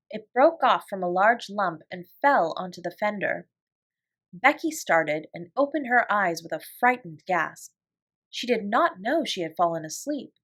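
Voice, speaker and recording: A woman narrating a classic children's novel as a bedtime story, in an expressive storytelling voice. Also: mid-range voice. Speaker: audiobook reader.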